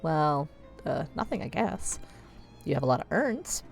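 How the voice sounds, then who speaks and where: A woman's voice: low voice, big pitch swings, a little slow, gravelly, soft background music. A woman streamer casually playing a game, reading her choices aloud with hesitant fillers. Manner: hesitant, lots of uh and restarts.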